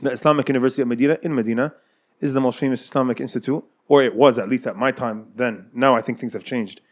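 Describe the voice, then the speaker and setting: At a quick pace and medium pitch, an American man shares his life story casually. It's an animated telling, with him laughing a lot and acting out the dialogue of the people involved.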